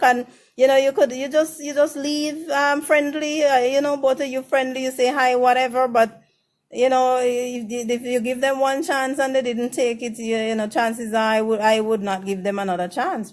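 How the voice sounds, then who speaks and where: Blunt, high-voiced woman giving advice. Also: darkish tone. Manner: blunt and frank, many restarts and repeated words; greets viewers by name in a slow sing-song. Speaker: host of a relationship advice show. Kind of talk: casual advice monologue.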